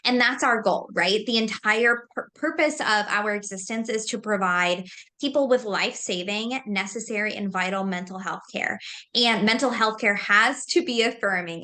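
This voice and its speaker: A woman hosting a mental health discussion, lively and conversational, often saying "like". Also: medium pitch, normal speed. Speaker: host from a mental health company. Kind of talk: moderated discussion.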